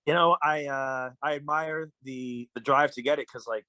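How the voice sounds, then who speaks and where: A man, a musician guest on a podcast, telling stories in a relaxed, rambling way with many fillers. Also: mid-range voice, normal speed, no room sound. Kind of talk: casual storytelling in an interview.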